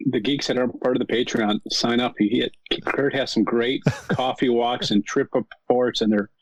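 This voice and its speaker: A man guesting on a podcast, talking in a friendly way with many pauses and fillers. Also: medium pitch, fairly even intonation, dry recording, rough recording. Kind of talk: casual podcast chat.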